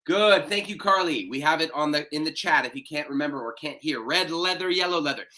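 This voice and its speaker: A man runs a live-streamed warm-up for speakers, leading breathing and face exercises. His voice sits a bit high and now and then cracks slightly. He talks with lively, encouraging energy. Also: brisk. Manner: energetic, coaching, leads vocal exercises. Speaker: public speaking trainer.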